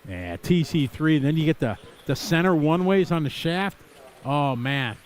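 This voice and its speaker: A middle-aged Wisconsin man with a somewhat high voice commentates a live race at a moderate, animated clip. Between position updates he wanders into chatty, nostalgic tangents before snapping back to the running order.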